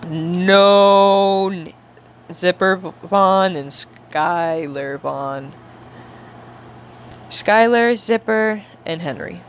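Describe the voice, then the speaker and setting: A woman's voice: fairly low pitch, drawn-out words, long pauses, a little hiss or hum. A young woman chatting casually with her viewers while she draws on a livestream, playful and slangy, making a show of being frustrated. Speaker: livestreamer drawing for chat.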